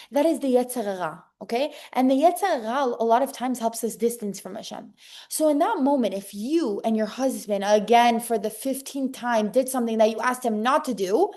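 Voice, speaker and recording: A young woman with a fairly high voice teaches a casual religious class. She is emphatic and animated, and she keeps looping back with "okay?" and repeated phrases. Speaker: Torah teacher giving a class to women.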